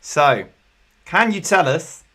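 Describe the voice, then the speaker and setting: A man hosting an online pub quiz, chatty and jokey with loud bursts of excitement. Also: on the high side, slow pace. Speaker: quiz host.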